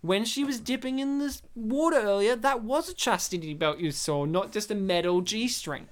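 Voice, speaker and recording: A woman's voice: medium pitch, moderate pace. A woman hosting a casual movie-review chat, laughing often and telling stories with animation. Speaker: podcast host reviewing a movie.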